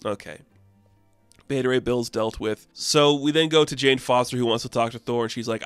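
A man's voice: mid-range voice, normal speed, fairly bright tone, smooth, dry recording, faint music behind. A man casually recapping a comic book, chatty and enthusiastic. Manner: chatty, enthusiastic, acts out quotes.

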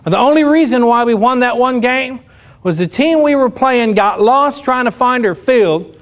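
A man's voice: very high-pitched, animated, normal speed. A man doing a conversational stand-up comedy set, laughing at his own punchlines. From Oklahoma. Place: comedy club stage with live audience. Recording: live club recording with audience laughter.

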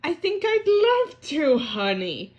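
A woman's voice: big pitch swings, husky, lo-fi sound, heavily acted. A woman voicing a fretful young male puppy who has the hiccups, in a puppet show. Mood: flustered. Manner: high, slow, whiny and flustered.

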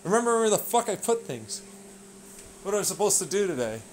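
A man in a rambling, profane vlog rant that swings between low muttering and loud outbursts. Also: big pitch swings, brisk, a little hiss or hum. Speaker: vlogger. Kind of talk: ranting monologue.

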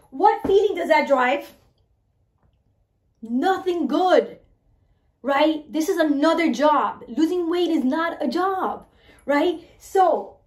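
A woman coaching her listeners on mindset, talking in an animated way and asking "right?" again and again. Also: very high-pitched, unhurried, roomy sound. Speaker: mindset and weight-loss coach. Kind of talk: motivational talk to listeners.

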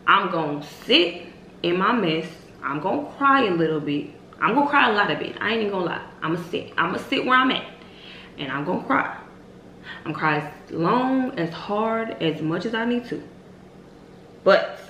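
A woman in her twenties giving emphatic, repetitive motivational faith talk as a vlog host, with sudden loud high exclamations. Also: expressive, moderate pace. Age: 20s. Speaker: vlogger host. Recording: roomy echo with faint hiss.

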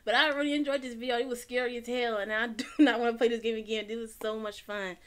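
A woman hosting a gaming channel and giving excitable let's-play commentary, gasping, swearing and jumping at scares. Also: fairly high pitch, quick pace.

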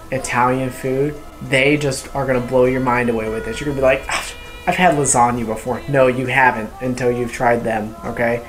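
A man reviewing a restaurant in a casual vlog, gushing with enthusiasm and tossing in playful asides. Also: medium pitch.

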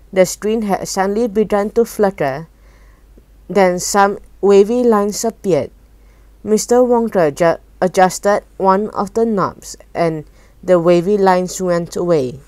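A woman reading a children's novel aloud in slow, deliberate storytelling. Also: mid-range voice, darkish tone, dry recording. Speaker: reader.

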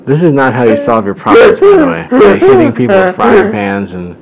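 A man's voice: high voice, huge pitch swings, brisk, gravelly, crowd noise, low-quality recording. A man hosting a show, reading a story aloud with wry, amused commentary. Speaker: host.

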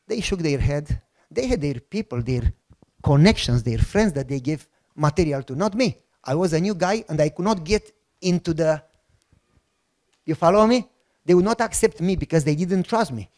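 A man with a Romanian accent telling a personal testimony as a sermon, acting out the dialogue and bursting into shouts. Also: fairly high pitch, normal speed. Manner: animated storytelling with acted-out dialogue and shouted outbursts. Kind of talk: sermon storytelling.

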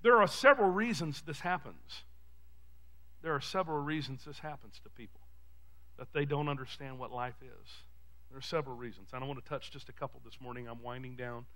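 A man with a Texan accent preaching a sermon as pastor, calling out to the congregation and swinging from shouted peaks to quiet, fast asides. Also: medium pitch. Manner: preaching with call-and-response, rising to shouts. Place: church sanctuary.

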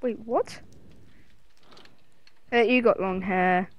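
A woman's voice: medium pitch, takes it slowly, no echo. A woman chatting and joking while playing a video game, giggly and interrupting. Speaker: co-player in the game.

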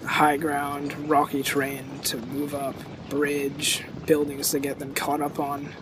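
Man narrating a strategy game, fairly high voice. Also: takes it slowly, noisy background. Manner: relaxed, rambling, self-correcting. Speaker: game video host. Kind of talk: casual gameplay commentary. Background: loud background music.

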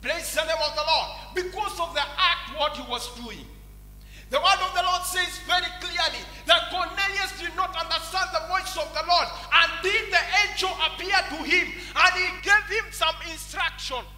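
A man's voice: very high voice, bright, forceful tone. A man with a Kenyan English accent preaching a sermon in a large church hall, breaking often into repeated praise refrains. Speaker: pastor. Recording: echoey church hall, music behind.

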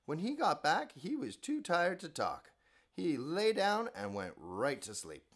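A man hosting a children's bedtime show, narrating stories in a gentle, playful, expressive way. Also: a little high, measured pace, slightly rough.

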